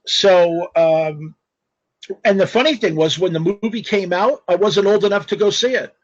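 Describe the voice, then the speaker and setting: A man telling stories as a guest in a casual interview, animated and rambling, with spoken sound effects. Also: high-pitched, normal speed, dry recording. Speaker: guest artist. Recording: dull lo-fi dry audio.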